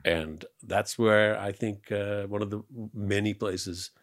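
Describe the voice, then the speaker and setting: A man's voice: fairly low pitch, fairly even intonation, slow pace, gravelly. A middle-aged man, an actor guesting on a podcast, chatting in a playful, teasing way and laughing easily. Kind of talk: casual chat.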